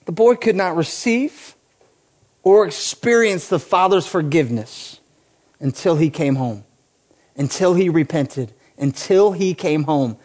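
A pastor in his forties preaches a passionate sermon in a voice high for a man, building to ringing, emphatic peaks. At a measured pace with lively intonation and a darkish tone, he easily drifts into joking asides with the congregation.

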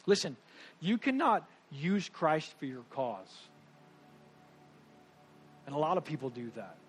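A man preaching a sermon, animated and conversational, swinging between loud bursts and hushed asides, with quick rushed remarks. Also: fairly high pitch, soft background music. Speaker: pastor.

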